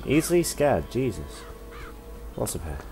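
Man commentating a video game, unhurried and sarcastic, with game music underneath. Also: mid-range voice, big pitch swings, mellow. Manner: sarcastic, swears, quick outbursts of alarm. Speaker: gameplay commentator. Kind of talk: let's play commentary.

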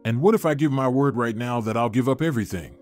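A man's voice: mid-range voice, fast, a little mellow, soft background music, natural voice. A man voicing a young orphaned woman who is hurt but firm, read in an earnest, plain storybook manner.

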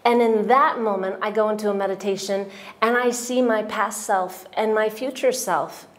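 A woman's voice: medium pitch, fairly even intonation, moderate pace. A woman giving an emotional personal testimonial at a retreat, telling her story with many restarts and quoted voices. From United States.

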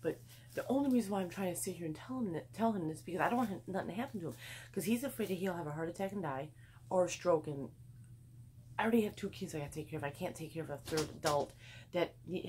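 Brief: chatty, swearing woman vlogger at home, low-ish voice, light room hiss. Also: fast, darkish tone. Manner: rambling, chatty, swears freely. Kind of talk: casual haul vlog chat. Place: home, indoors.

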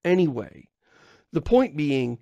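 A man's voice: on the high side, sing-song, takes it slowly, vocal fry, dark tone, no room sound, dull audio. An American man co-hosting a podcast, chatting casually and playfully about doing character voices. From United States. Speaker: podcast co-host. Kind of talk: casual chat.

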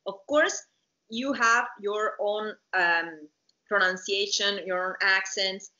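Bright-voiced Italian woman, laughing. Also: medium pitch, slow. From Italy. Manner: laughs often, restarts and searches for words. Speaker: singing diction teacher, co-host. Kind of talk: casual conversation. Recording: dull lo-fi sound.

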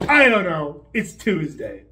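A man's voice: on the high side, huge pitch swings, slow, bright, forceful tone, full character voice. A man voicing a blustery, menacing bully of a bricklayer in a told joke, taunting his coworker. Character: menacing drunk male bully, brick-layer.

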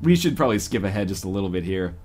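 A man's voice: low-pitched, rapid-fire. A man co-hosting a podcast, reading a romance story aloud with joking asides. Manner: animated, breaks off for joking asides. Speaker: podcast co-host.

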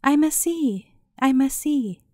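A woman voicing an ugly, menacing old witch woman in a storybook, with a cracked, croaking voice and slow, grim muttering. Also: high-pitched, expressive, mellow, no room sound, studio quality. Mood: demanding.

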